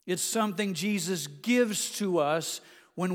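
A man in his sixties preaching a sermon, rising to loud emphatic declarations and dropping to hushed, intimate storytelling. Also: fairly high pitch, fairly even intonation, measured pace, pauses often, long reverb tail. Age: 60s. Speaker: pastor.

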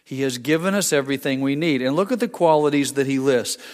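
A man's voice: medium pitch, fast, darkish tone, big-room sound. An older man preaching a sermon as a pastor, conversational, with frequent restarts and asides.

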